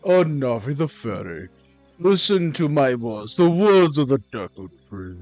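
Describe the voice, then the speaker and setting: A grand old talking tree guardian, male, booms out archaic words slowly and solemnly. His pitch swings widely as he speaks, posh and theatrical, as a man puts him on while playing. Faint music sits behind him. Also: dry recording. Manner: grand archaic speech, loud and slow.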